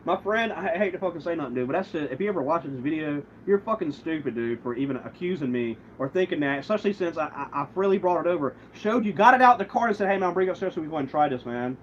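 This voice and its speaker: Male livestreamer, higher-pitched, profane and aggrieved, rambling retelling; muffled lo-fi audio with faint hiss. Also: expressive, fast talker, few pauses. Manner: rambling, with many restarts and quoted back-and-forth. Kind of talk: casual livestream rant. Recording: muffled lo-fi stream audio, faint background noise.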